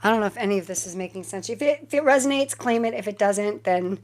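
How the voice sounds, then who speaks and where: A woman's voice: medium pitch, quick pace. A middle-aged woman hosting a casual live-stream tarot reading, chatty and easily sidetracked, often breaking into giggles.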